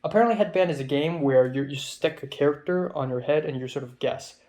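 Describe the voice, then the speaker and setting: Brisk and darkish, a young man's mid-range voice carries a diary vlog from a Hong Kong film student. He rambles, curses, and fills the talk with ums and restarts.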